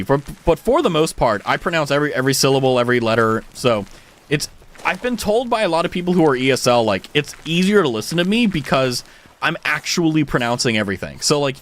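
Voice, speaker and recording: Here the voice is fairly high and quick: a young American man streaming, with a General American accent. His storytelling is lively and casual, heavy on fillers and curse words as he chats with viewers.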